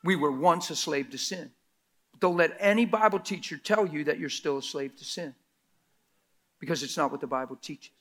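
A male pastor preaching a sermon, asking rhetorical questions and swinging between loud emphatic lines and near whispers. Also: on the high side. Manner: mocks critics in a quoted voice.

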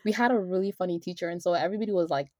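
A woman's voice: fairly low pitch, racing, dry recording, studio quality. A young woman co-hosting a podcast, telling a school story with lots of laughter in a casual chat. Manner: laughs often, animated storytelling. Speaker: podcast co-host.

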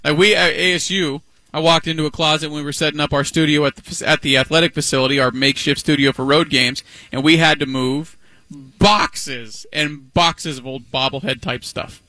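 A man co-hosts a talk radio show and jumps in with quick, chatty remarks. His voice sits fairly high and sounds bright and forceful, recorded dry and close on the mic. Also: steady tone, dry recording. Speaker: radio co-host.

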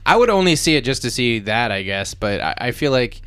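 A man with a bright, forceful voice chatting in a loose, joking way. He rambles and leans on filler words, and his delivery stays relaxed and conversational throughout. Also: mid-range voice, a little fast, smooth, no room sound. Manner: rambling, many "like" fillers, jokey. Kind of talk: casual chat.

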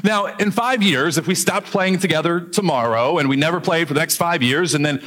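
Lively preacher man in a reverberant hall. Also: a little high. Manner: lively, joking asides, drawn-out emphasis on key words. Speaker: pastor. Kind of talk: sermon.

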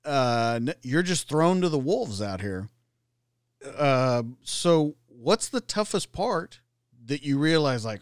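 A man's voice: on the high side, very animated, slow pace, clear, resonant tone, dry recording, clean studio sound. A man hosting a casual interview, asking loose, rambling questions. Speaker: podcast host.

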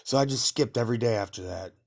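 A man's voice: medium pitch, fast talker, creaky, darkish tone. A man telling rambling stories about his youth in a casual podcast memoir, swearing freely and laughing at his own tales. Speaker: podcast storyteller.

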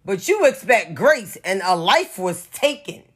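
A woman's voice: mid-range voice, very animated, unhurried, breathy edge. Blunt, profane woman venting opinions. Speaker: commentator. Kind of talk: casual pop-culture commentary.

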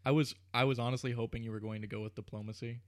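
A man's voice: mid-range voice, steady tone, racing. A man running a tabletop game, recapping the session in casual chat, laughing often and teasing his players. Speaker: game master.

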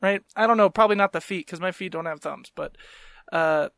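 A man's voice: high voice, brisk, creaky, dry recording. A young adult man hosting a podcast, telling comic stories in a profane, exasperated rant. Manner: profane, exasperated, animated storytelling. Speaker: podcast host, comedian. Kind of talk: casual comedic rant.

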